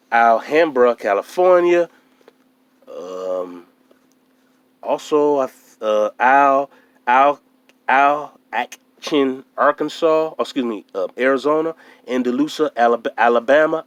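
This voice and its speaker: A man's voice: mid-range voice, dry recording. Emphatic man lecturing from a book. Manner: emphatic, repeats key phrases; calls his listeners brothers and sisters. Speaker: speaker addressing his audience. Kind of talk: informal lecture, reading from a book.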